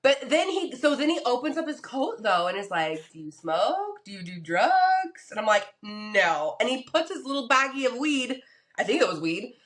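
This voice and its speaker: A woman's voice: on the high side, very animated, normal speed, a bit bright, a little hiss or hum. A young woman co-hosting a casual podcast chat, telling a story animatedly and acting out the people she quotes. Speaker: podcast co-host.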